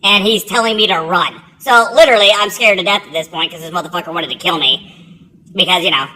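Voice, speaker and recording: On a rough recording, a female veteran with a lowish, sharp-toned voice talks fast as she rambles through a casual story from her past. She swears freely and laughs at her own expense.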